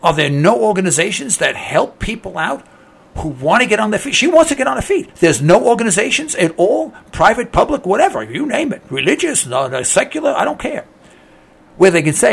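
A man with a fairly high, gravelly voice rants to his listeners as a talk host. His pitch swings widely and his tone is husky as he fires off rhetorical questions and repeats his points with mounting indignation. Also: sing-song, fairly quick. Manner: indignant, ranting, repeats himself. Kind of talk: opinionated monologue.

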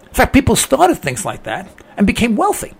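A man's voice: very high-pitched, huge pitch swings, a little fast, vocal fry, slightly rough. A man hosting a talk show, delivering an indignant, opinionated monologue with lots of repetition and rhetorical questions. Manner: indignant, ranting, repeats himself. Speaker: radio talk host.

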